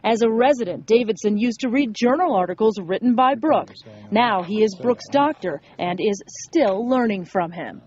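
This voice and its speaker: A woman news reporter narrating a story in a steady, clear delivery. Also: on the high side, moderate pace, lo-fi sound.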